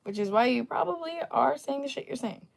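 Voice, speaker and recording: A woman's voice: sits high, lively intonation, fairly quick, vocal fry. A young adult woman hosting a livestream, teasing commenters with sassy, laughing casual chat. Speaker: livestream host.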